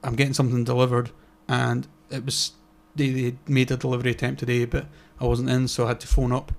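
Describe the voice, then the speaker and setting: A man's voice: medium pitch, completely flat delivery, quick pace, creaky. A man co-hosting a casual podcast chat, rambling with lots of fillers and restarts. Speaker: podcast co-host.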